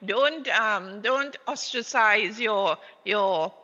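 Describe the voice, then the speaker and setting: A woman's voice: medium pitch, drawn-out words, bright, forceful tone. A Trinidadian woman calling a morning show, talking with food in her mouth and sounding fed up. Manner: eating breakfast while talking, exasperated. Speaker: caller. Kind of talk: phone-in complaint. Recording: dull phone line with reverb.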